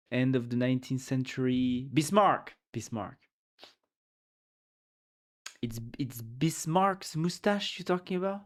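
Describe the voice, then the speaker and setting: A man livestreams and talks casually with his viewers, rambling and repeating words while he gropes for them. He reads the chat out loud and jokes along with it, in a mid-range voice that is smooth with a darkish tone.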